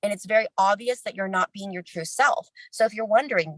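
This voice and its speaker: Chatty, energetic woman on a dry livestream mic. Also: medium pitch, no room sound, rough recording. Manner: energetic, chatty, quick asides and self-interruptions. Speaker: team leader sharing a conference recap. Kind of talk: casual motivational talk on a livestream.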